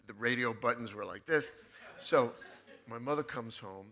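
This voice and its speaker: A man, a guest author, telling a personal story in casual chat, animated and often restarting his sentences. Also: medium pitch, moderate pace.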